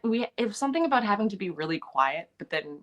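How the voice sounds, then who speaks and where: A very animated actress, speaking quickly in a mid-range voice, tells behind-the-scenes anecdotes as an interview guest. Her casual storytelling is full of laughter, fillers, and false starts.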